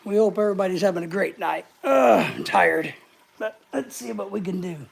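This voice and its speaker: A woman's voice: medium pitch, fast talker, vocal fry, a little mellow, husky. A woman hosting a casual live stream, a little short of breath, rambling and greeting viewers one by one.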